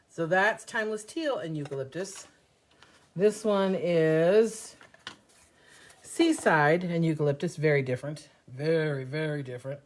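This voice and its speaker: A middle-aged woman hosting a casual live stream, chatty and upbeat, a little hoarse while getting over an illness. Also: sits low. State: recovering from covid, slightly hoarse. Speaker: host of a live paint demo.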